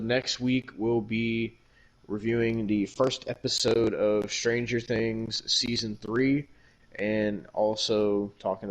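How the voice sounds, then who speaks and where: Heated, foul-mouthed male podcast host. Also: fairly low pitch. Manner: heated, heavily profane ranting. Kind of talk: casual podcast rant.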